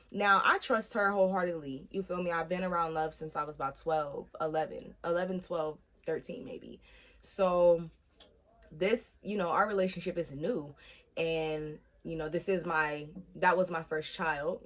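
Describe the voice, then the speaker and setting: Animated profane young woman telling a story. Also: lowish voice. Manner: animated, profane, acts out quoted voices. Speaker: storytime vlogger. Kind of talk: casual storytelling.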